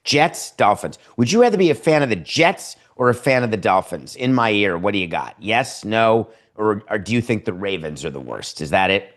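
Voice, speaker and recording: A man's voice: on the low side, expressive, normal speed, hardly any pauses. A man hosting a sports podcast, giving sarcastic opinions full of rhetorical questions and acted-out imagined dialogues.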